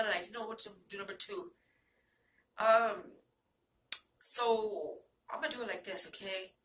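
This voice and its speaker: A young woman from New Mexico rambles excitedly and profanely about her favorite movie heroines. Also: a little high, slight background noise. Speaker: vlogger. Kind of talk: casual movie-list chat. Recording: roomy, from a distance.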